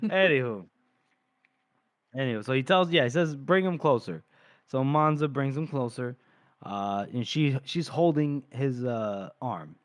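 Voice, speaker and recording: A man's voice: medium pitch, expressive, measured pace, no echo, clean studio sound. A man co-hosting a podcast, recapping a book chapter casually and trailing off mid-thought. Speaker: podcast co-host.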